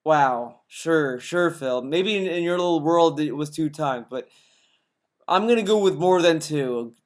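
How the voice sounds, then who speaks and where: Sarcastic male ranter, fairly high voice, swearing nonstop, exasperated reaction commentary. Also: animated, a little slow.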